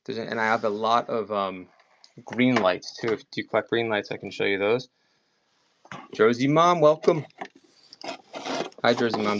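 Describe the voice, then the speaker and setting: A man's voice: on the low side, moderate pace, pauses often, a bit bright, slight background noise. A man from Maryland with a slight Maryland accent, rambling chattily as an online auction seller on a live stream. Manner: rambling, chatty, many "like" fillers. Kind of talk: casual live-selling chat. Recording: slightly dull lo-fi stream audio.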